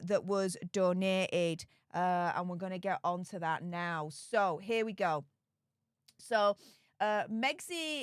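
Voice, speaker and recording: A woman's voice: mid-range voice, fairly bright tone, clean tone, no room sound. Chatty woman hosting a gossip channel, talks straight to viewers, dry close mic. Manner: chatty, conversational, addresses viewers as guys. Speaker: YouTube royal gossip commentator. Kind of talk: casual commentary vlog.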